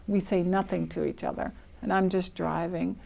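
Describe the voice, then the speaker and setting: A woman's voice: on the low side, moderate pace, vocal fry. An older woman telling her own life story, acting out what people said and laughing often as she talks. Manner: lively storyteller who acts out quoted speech and laughs often.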